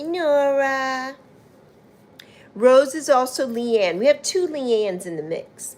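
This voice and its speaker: Slow-paced woman hosting a chatty livestream. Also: a little high. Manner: warm, chatty, calls viewers "my love" and "honey". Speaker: livestream host. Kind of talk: casual livestream chat, greeting viewers.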